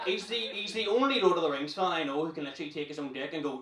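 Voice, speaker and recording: A man's voice: fairly high pitch, animated. A young man with a Northern Irish accent doing a brash, profane stand-up set in a comedy club. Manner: brash, profane, rapid storytelling. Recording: roomy club, distant mic, noisy.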